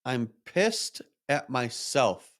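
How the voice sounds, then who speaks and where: A man's voice: mid-range voice, very animated, extremely slow, a bit bright. A man, a podcast host, telling a personal story in a candid, self-reflective monologue, openly frustrated and swearing at times.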